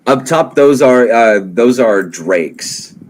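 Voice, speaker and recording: A man's voice: medium pitch, animated, slow. A man, running a tabletop game as game master in an easygoing, reassuring way.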